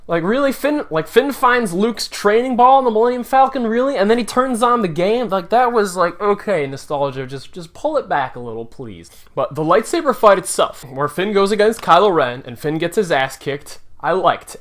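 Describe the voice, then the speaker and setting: A man's voice: high-pitched, fairly bright tone. Sarcastic man ranting about a movie. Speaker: movie reviewer. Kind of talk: casual spoiler review rant.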